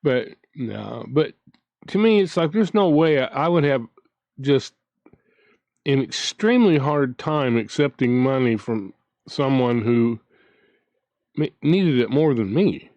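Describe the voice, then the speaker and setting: A man's voice: medium pitch, expressive, slow pace, long pauses, darkish tone, no room sound, muffled recording. A man hosting his own channel, ranting in a casual, indignant way, with frequent restarts as he talks. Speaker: commentary channel host.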